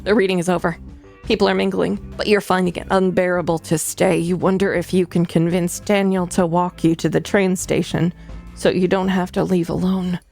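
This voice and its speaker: A woman streamer reading a narrative game aloud on a live stream, breaking in with quick asides. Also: on the low side, level tone, vocal fry, a little mellow, soft background music.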